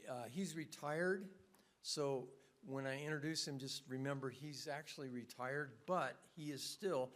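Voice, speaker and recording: Chatty man introducing a speaker. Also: medium pitch. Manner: chatty, folksy, repeats himself. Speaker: conference emcee.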